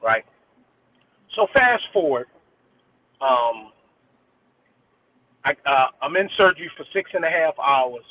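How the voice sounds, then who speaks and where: A man's voice: fairly high pitch, animated, slow pace, long pauses. A middle-aged man, a guest DJ, telling a personal story in an earnest, rambling way with frequent restarts. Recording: tinny phone line with faint noise.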